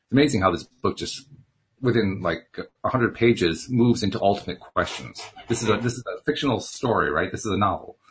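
A man reads a novel aloud, stopping now and then for chatty asides. His voice is low and husky, with lively, swinging intonation. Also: fairly quick. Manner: chatty asides between reading. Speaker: reader. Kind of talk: reading a novel aloud with commentary.

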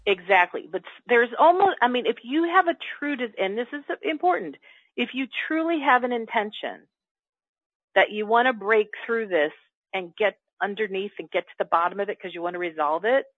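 An earnest woman coach explaining her self-help method in a relaxed, conversational way. Her voice comes through a tinny, phone-like line with a dry, close sound and no room echo. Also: medium pitch, moderate pace. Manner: earnest, acts out her own inner dialogue. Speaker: coach working with clients.

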